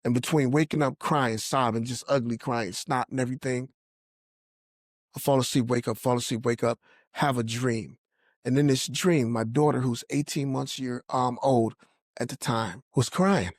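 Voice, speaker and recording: A man appearing as a podcast guest tells his personal faith testimony in a mid-range voice at a moderate pace with fairly even intonation. He tells the story earnestly and acts out the voices of people he quotes, and the recording is dry with clean studio sound.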